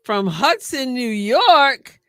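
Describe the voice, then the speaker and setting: A middle-aged woman hosting a live stream, chatting casually and excitedly as she reacts to a sports draft and answers her viewers. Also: on the high side, slow, dry recording, clean studio sound. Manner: chatty and excitable, thinking aloud and talking to chat viewers.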